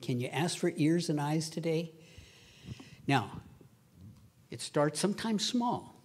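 A middle-aged male pastor preaching a lively sermon, acting out voices in his stories. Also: on the high side, slow, a little hiss or hum. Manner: animated, acts out quoted voices, laughs at his own stories.

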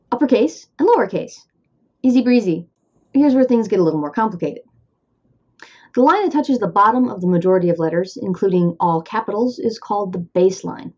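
A woman's voice: medium pitch, highs cut off. A woman with a Midwestern accent hosting an educational explainer, upbeat and playful with asides. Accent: American Midwestern. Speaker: host.

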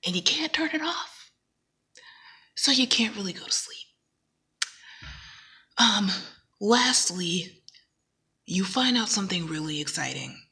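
A woman vlogger talking casually to camera, rambling and animated, now and then dropping into a whisper. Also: medium pitch, slow pace, pauses often, husky. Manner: rambling and animated, acting out quoted dialogue; drops into whispers at times.

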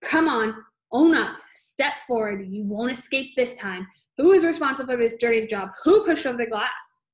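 A woman's voice: on the high side, fairly quick, a bit bright, close to an everyday voice. A woman voicing a huge, furious, bullying headmistress who roars her words, read aloud from a storybook. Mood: roaring furious. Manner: roaring, bellowing.

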